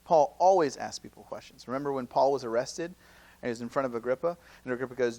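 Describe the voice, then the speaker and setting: A campus minister in his thirties giving a conversational teaching talk at a youth seminar, full of rhetorical questions and quick acted-out quotes. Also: mid-range voice, gravelly. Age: 30s. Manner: acts out quoted speakers in lively asides.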